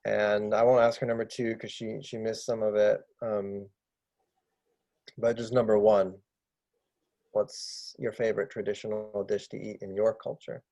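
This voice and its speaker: A man in an online workshop asking questions in a relaxed, slightly halting way. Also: fairly low pitch, creaky. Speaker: workshop participant. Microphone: video call.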